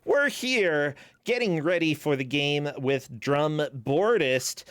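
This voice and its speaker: A man's voice: a little high, lively intonation, slow pace, fairly bright tone, clear, resonant tone, no room sound, clean studio sound. A man co-hosting a live game stream in an easygoing, chatty way, thanking viewers for their support. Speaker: stream co-host. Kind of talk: casual live-stream chat.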